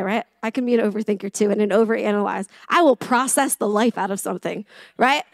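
A woman's voice: sits high, no echo. A woman who teaches English giving a chatty, conversational sermon, often asking the listeners questions and poking fun at herself. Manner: chatty, self-deprecating, asks the room questions.

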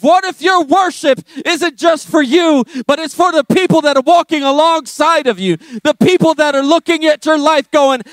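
A young male pastor preaching an impassioned sermon, repeating phrases and rising to shouts. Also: very high voice, moderate pace, few pauses, no echo, studio quality.

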